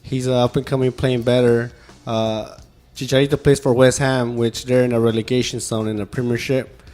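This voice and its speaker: Casual male podcast co-host, animated, laughs easily, mid-pitched voice. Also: normal speed. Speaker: podcast co-host, soccer pundit. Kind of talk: casual chat.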